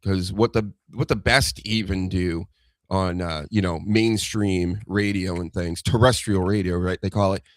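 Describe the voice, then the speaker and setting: Laid-back low-voiced guest. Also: male voice, fairly even intonation, a little slow, dry recording. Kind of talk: casual livestream chat.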